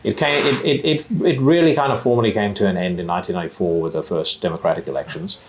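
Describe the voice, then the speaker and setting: A man's voice: low-pitched, fast, background noise. Blunt male host. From South Africa. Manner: blunt, conversational, swears freely. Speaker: podcast host. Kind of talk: casual conversation. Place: in person at a music festival.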